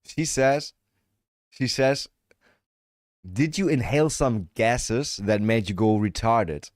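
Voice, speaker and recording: A man's voice: mid-range voice, slow pace, no room sound, studio quality. A man livestreaming, reacting to videos with joking, profane live commentary.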